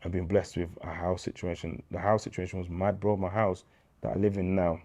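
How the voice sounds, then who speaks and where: Speaking a little fast, this deep-voiced guest from Birmingham, England, spins tales during an easygoing storytelling interview. Full of slang and animation, he voices the quoted dialogue as if acting it out.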